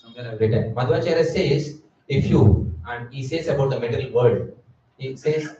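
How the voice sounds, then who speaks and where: A man's voice: mid-range voice, darkish tone, slight background noise. A man giving a Sunday sermon at a temple, asking his listeners rhetorical questions. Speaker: preacher. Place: temple hall. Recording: echoey hall, distant mic, dull sound.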